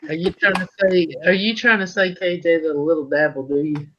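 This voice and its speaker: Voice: mid-range voice, fairly even intonation, fairly quick, a bit bright, a little hiss or hum. Host, casual chat, reads viewer comments, playful, dull lo-fi sound.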